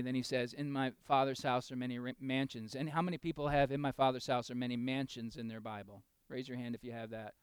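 A man preaching a sermon, moving between loud, slow emphasis and soft, intimate asides, and putting questions straight to the congregation. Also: medium pitch, fairly even intonation, clean tone, no room sound. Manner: talks directly to the congregation with questions. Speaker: pastor.

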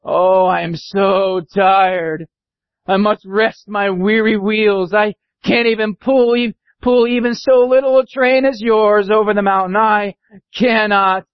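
Man playing a slow, weary old engine, gravelly, dry, dull lo-fi sound. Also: high-pitched, fairly even intonation, dry recording, voice pushed up. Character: tired, rusty old male engine. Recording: dull lo-fi recording.

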